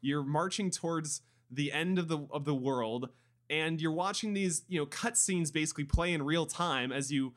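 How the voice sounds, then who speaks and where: Co-hosting a casual podcast chat, a man with a fairly high voice speaks at a moderate pace. He's animated and emphatic, acting out little quotes as he goes.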